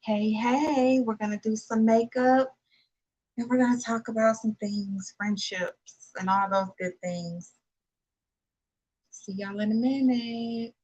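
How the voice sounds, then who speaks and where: A woman's voice: fairly high pitch, steady tone, slow pace, a little mellow, dull audio. A young woman hosting a casual livestream while doing her makeup, chatty and a little nervous, greeting viewers by name. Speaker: beauty YouTuber hosting a livestream.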